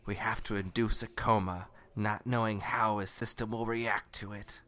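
A gentle, solemn male doctor and scientist, as a woman reads him aloud. He speaks slowly in a low, hushed voice, earnest and kind. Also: fairly even intonation.

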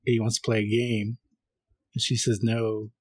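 A man co-hosting a film podcast, casually recapping a horror movie scene by scene and reading the caller's lines flatly. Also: fairly low pitch, normal speed, husky, dry recording. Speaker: podcast co-host.

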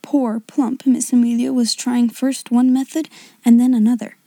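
Woman narrating a storybook, mellow tone. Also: fairly high pitch, flat delivery, moderate pace, no echo. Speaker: audiobook narrator. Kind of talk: scripted narration.

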